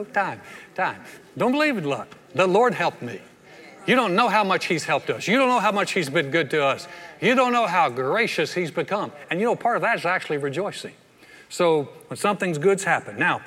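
Folksy older pastor preaching. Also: male voice, high-pitched, a bit bright, big-room sound. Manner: folksy, conversational preaching with playful asides. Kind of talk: sermon. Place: church hall.

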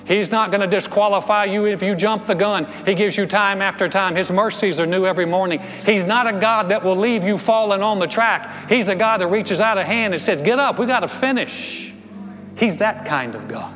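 A man delivers a sermon with a slightly raised pitch, telling his story in an earnest way that builds. His voice rings through a large church sanctuary with long reverb. Soft music plays underneath. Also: fairly quick, few pauses. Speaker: pastor.

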